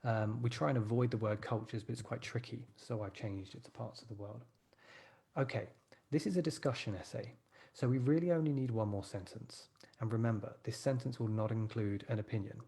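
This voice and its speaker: A man's voice: on the low side, moderate pace, creaky, long pauses, dark tone. A man teaching a live writing class, encouraging his students and thinking aloud as he types.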